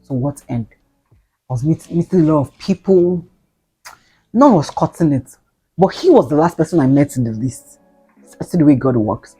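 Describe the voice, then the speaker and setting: A young woman in her twenties chats with her viewers as she tells a story, her low, mellow voice growing animated and exclaiming. Faint guitar music plays under her talk. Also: moderate pace, pauses often, breathy edge. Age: 20s. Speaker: vlogger. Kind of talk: casual storytelling.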